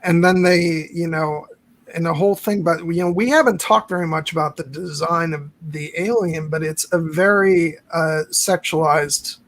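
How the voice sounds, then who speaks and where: A man's voice: a little high, moderate pace. A man hosting a casual film discussion podcast, talking in a rambling way with many restarts. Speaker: podcast host.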